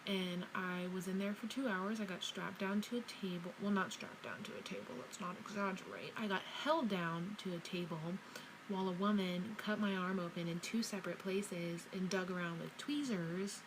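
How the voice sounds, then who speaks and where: A woman's voice: on the low side, moderate pace. A young woman telling a story in parts to her phone camera, emphatic and swearing freely. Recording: noisy phone recording.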